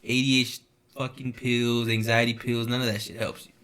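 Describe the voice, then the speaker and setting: A man's voice: medium pitch, flat delivery, a little fast, a bit bright, clear, resonant tone. A young man co-hosting a casual podcast chat, rambling at length with lots of swearing and "you know, like" fillers. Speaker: podcast co-host.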